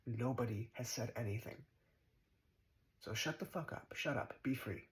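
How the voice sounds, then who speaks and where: A man's voice: medium pitch, moderate pace, low-quality recording. A man talks as a spiritual teacher in a mid-range voice. He is blunt and swears freely, mocks his listeners and hammers at them with short repeated commands. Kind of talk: spiritual monologue.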